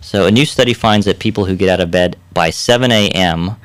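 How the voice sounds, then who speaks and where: A man's voice: low-pitched, fairly quick, smooth, dry recording. A man co-hosting a radio health show as a doctor, easygoing and chuckling, talking through his points with fillers, recorded on a studio mic. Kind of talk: casual radio chat.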